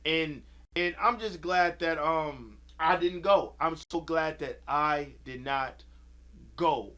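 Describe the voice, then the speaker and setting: Taking it slowly in a sharp voice on the high side, a male video creator vents about a movie. His rant is heated, profane and repetitive.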